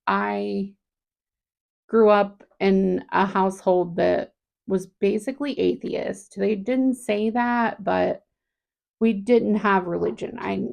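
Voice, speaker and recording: Brief: woman, 30s, vlogger with a heavy vocal fry, candid and halting, unhurried delivery. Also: medium pitch, darkish tone. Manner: halting, reflective, with frequent restarts. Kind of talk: candid personal vlog.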